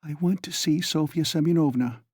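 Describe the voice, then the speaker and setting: A man's voice: a little high, moderate pace, a little mellow, slightly rough, dry recording, studio quality, voice pushed up. A man voicing a distraught young woman who pleads frantically in a raised voice. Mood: anxious.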